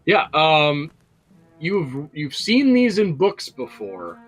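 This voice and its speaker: A man's voice: on the high side, huge pitch swings, slow pace, husky, soft background music, rough recording. Hesitant male game master. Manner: rambling, hesitant, with many fillers. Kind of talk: narrating a tabletop game.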